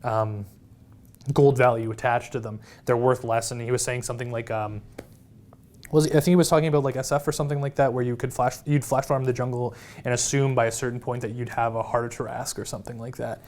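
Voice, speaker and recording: A man's voice: mid-range voice, flat delivery, a little mellow. A man co-hosting an esports recap in casual chat, hedging a lot with "like" and "I guess.". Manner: fast and loose, hedging with "like" and "I guess". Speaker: esports co-host. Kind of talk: casual game analysis chat.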